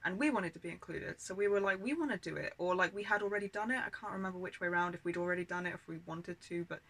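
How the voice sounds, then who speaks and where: A British woman with a bright voice tells personal stories from her childhood. She talks candidly and with a grievance, swearing often and leaning on filler words. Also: on the low side, flat delivery, fast talker, poor audio. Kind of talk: personal storytelling monologue.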